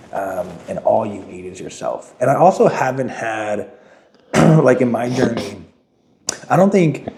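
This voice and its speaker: A man's voice: on the low side, darkish tone, echoey room, slight background noise. A young man co-hosting a podcast, casual chat, thinking aloud with lots of "like" and restarts. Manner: reflective, filler-heavy conversational talk. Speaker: podcast co-host.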